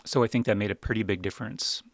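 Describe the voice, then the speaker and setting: A man reviews podcast microphones in a relaxed, wry demonstration, explaining step by step while speaking close into a studio dynamic mic at his home setup. He's a fast talker with a fairly low voice, and the recording is dry.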